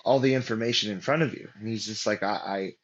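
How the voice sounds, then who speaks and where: A man's voice: fairly low pitch, brisk, muffled recording. A man as interview guest, telling his story casually with lots of fillers and restarts. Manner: rambling, many fillers and restarts.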